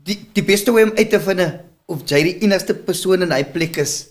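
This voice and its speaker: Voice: mid-range voice, moderate pace. A host, chatting in a casual interview and mixing in Afrikaans, encouraging and laughing along.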